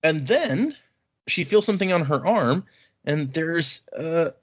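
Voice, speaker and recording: Male podcast co-host, rambling casual recap, a bit raspy. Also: a little high, animated, slow. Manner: rambling recap with many restarts. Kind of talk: casual book discussion. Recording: slightly lo-fi podcast audio.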